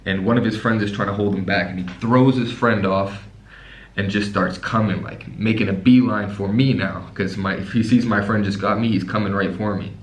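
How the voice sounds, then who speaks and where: A man's voice: on the low side, fairly even intonation, normal speed. A young man telling a casual storytime as a travel vlogger, rambling and full of fillers. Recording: roomy echo.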